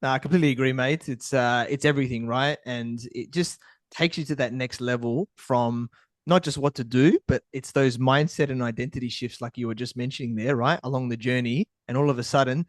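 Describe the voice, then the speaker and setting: A man's voice: mid-range voice, a little fast, dry recording, studio quality. A man hosting a business podcast, affirming and casual with many fillers. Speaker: podcast host. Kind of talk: podcast interview.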